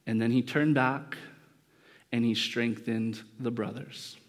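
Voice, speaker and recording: Man, pastor, conversational sermon, mid-pitched voice, acts out the quotes. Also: steady tone, slow pace. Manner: conversational preaching, acts out quoted lines in dialogue.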